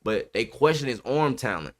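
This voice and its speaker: A man's voice: medium pitch, normal speed. A man co-hosting a podcast, arguing about football in a casual, emphatic way. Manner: emphatic, animated, repeats "bro" often. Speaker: podcast host. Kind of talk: casual sports debate. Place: podcast studio.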